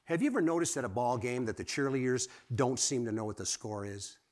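A man delivers a sermon in an ordinary mid-pitched voice. He talks to his listeners like friends, quizzing them directly. His delivery rises to emphatic exclamations and sinks to hushed asides. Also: brisk. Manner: lively, rising to exclamations and dropping to quiet asides; asks the audience direct questions. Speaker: preacher.

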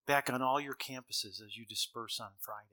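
Bright-toned male preacher, lively storytelling. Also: medium pitch, moderate pace. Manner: storytelling with shifts between loud emphasis and quiet. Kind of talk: sermon.

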